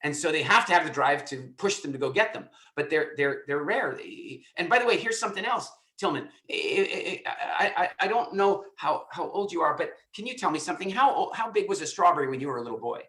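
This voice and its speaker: A man's voice: on the high side, animated, brisk, hardly any pauses, bright, forceful tone, roomy sound. A man in his fifties leading a group call, talking in an emphatic, informal teaching way and often stammering over repeated words. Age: 50s. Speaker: coach hosting a group call.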